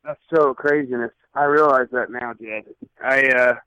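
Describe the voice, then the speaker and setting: A man chatting loosely as a podcast guest, his talk full of "like" and "dude". His voice sits at a middle pitch. The sound is dry, muffled and lo-fi. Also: steady tone, moderate pace, clean tone, no echo. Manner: loose, rambling, heavy on fillers. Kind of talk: casual chat.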